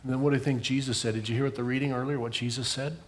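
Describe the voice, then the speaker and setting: A man's voice: medium pitch, fairly even intonation, rapid-fire, a little hiss or hum. An older man giving a children's sermon, asking the kids questions as he tells the story. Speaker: pastor giving a children's message.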